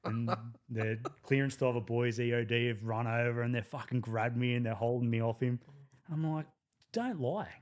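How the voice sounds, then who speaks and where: An Australian man tells an old army yarn in casual podcast chat. His voice sits at an ordinary middle pitch, and he swears constantly and laughs often as he tells the story. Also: fairly quick. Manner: profane, animated storytelling with laughs. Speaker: podcast guest.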